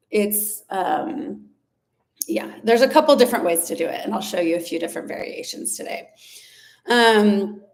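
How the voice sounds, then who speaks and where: A woman leading a guided ear-massage and breathing practice, speaking gently and unhurriedly, with a few fillers and restarts. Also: medium pitch. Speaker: somatic practice instructor. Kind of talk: guided body practice instruction.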